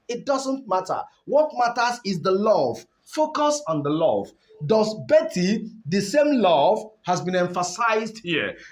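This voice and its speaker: A man's voice: sits high, a bit bright. A man teaching an online English lesson, stressing key words, repeating himself and putting questions to his learners.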